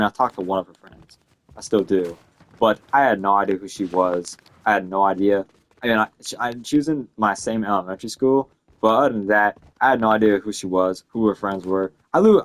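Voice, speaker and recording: A young man in his late teens telling a story in a casual, exasperated rant, swearing freely and checking in with "okay?" and "all right?". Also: on the low side. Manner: profane, tags lines with "okay?" and "all right?"; exasperated, ranting.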